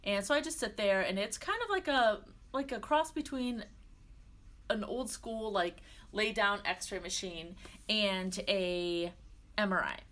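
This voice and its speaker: A young woman vlogging, retelling a personal experience in a chatty, animated way, often saying "like" and laughing. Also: mid-range voice, measured pace. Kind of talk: casual personal vlog storytelling.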